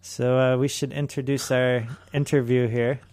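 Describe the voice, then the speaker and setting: A man hosting a community radio show, chatting in a laid-back, halting way with lots of fillers. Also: medium pitch, flat delivery, a little mellow, dry recording. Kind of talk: casual radio chat.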